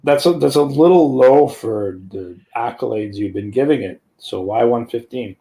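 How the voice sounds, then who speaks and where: A man's voice: mid-range voice, normal speed, vocal fry, mellow, rough recording. A young man in a casual movie chat, crude and teasing, a little tipsy. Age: young adult.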